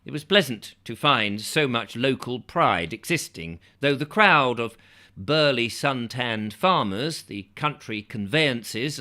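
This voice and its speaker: A man reading an old travel book aloud, breaking off now and then for casual, joking asides. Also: medium pitch. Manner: lively reading broken by chatty, joking asides. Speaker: audiobook reader. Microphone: close microphone, near overload.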